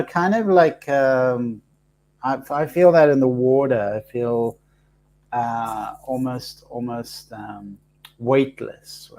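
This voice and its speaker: This is a man hosting a live card reading, taking his time with long pauses and frequent fillers. His voice has a gravelly, creaky edge, and his pitch sits in an ordinary middle range. He keeps a soft-spoken, halting delivery. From Africa. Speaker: host reading cards for live viewers.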